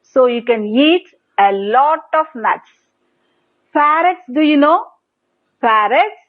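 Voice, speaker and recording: A woman with an Indian English accent teaching young children English on TV, prompting them to repeat words and praising them often. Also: high voice. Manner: slow, sing-song prompting with repeated praise. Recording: tinny phone-like broadcast audio.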